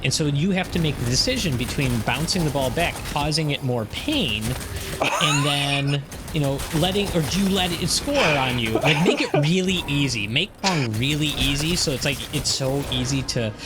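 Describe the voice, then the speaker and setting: Animated man rambling on a stream. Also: a little high, moderate pace, very noisy. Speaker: podcast co-host. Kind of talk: casual chat on a stream.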